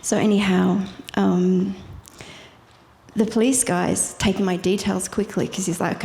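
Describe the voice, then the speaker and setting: A woman's voice: mid-range voice, fairly even intonation, measured pace, vocal fry, mellow. A woman with an Irish accent telling a vivid personal story as a guest, laughing easily as she goes. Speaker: guest sharing her testimony. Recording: echoey hall with faint noise.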